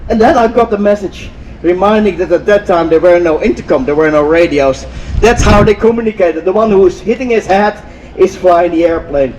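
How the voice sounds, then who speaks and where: An older man from Europe telling an audience a story, animated and acting out the dialogue, with repeated phrases. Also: high-pitched, moderate pace. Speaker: inspirational speaker. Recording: distant mic with faint vehicle noise.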